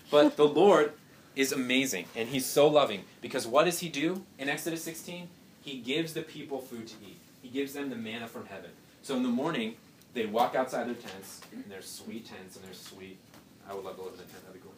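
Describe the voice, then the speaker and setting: A man's voice: medium pitch, expressive, moderate pace. A young man teaching a casual Bible lesson, talking conversationally with rhetorical questions and joking asides. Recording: roomy, distant mic, faint background noise.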